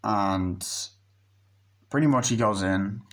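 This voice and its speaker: A man's voice: on the low side, slow, a bit bright. Rambling, cursing young male movie reviewer. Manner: rambling, swears freely, acts out scenes. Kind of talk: casual spoken movie review.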